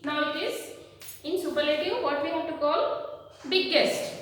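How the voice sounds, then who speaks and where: A woman's voice: high-pitched, unhurried. A woman teacher giving a grammar lesson to children, repeating each point and quizzing the class as she goes. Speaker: school teacher. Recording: echoey hall, distant mic, faint noise.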